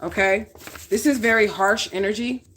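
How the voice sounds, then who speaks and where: There's a little hiss or hum behind this tarot reader, a northern American woman with a mid-range, slightly bright voice at a moderate pace. Her casual reading is blunt and full of swearing, punctuated by frequent "okay?" check-ins.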